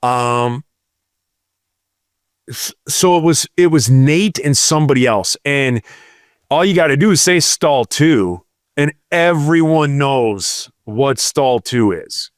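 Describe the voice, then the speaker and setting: Young male podcast co-host, unhurried, riffs on gross-out tangents, dry studio sound. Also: mid-range voice, expressive, dry recording. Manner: rambling, jokey, drawn-out storytelling. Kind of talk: casual comedic chat.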